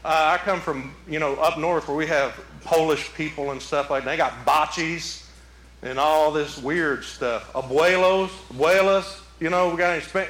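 A man preaching a homespun sermon in a church, his voice a little higher than most and bright and forceful. He keeps checking in with the congregation through rhetorical questions and repeats phrases as he goes. The room gives his voice a roomy echo. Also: measured pace. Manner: conversational, repetitive, full of rhetorical questions. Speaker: pastor. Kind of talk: folksy Mother's Day sermon. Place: church sanctuary.

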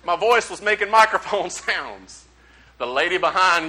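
Animated preacher man. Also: high-pitched, moderate pace, rough recording. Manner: animated, folksy, acts out quoted voices. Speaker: pastor. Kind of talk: sermon with storytelling.

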